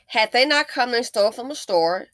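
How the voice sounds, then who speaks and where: A woman hosting an opinion commentary, sarcastic and emphatic, swinging between loud stresses and low muttered asides. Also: lively intonation, moderate pace, no room sound. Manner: sarcastic and emphatic, with repeated jabs. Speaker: commentary channel host.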